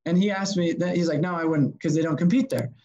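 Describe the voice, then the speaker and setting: The highs are cut off in this recording of a fast, slightly high-voiced man. He's a sales consultant guesting on a podcast, casually recounting stories, animatedly voicing the people he quotes, and swearing now and then.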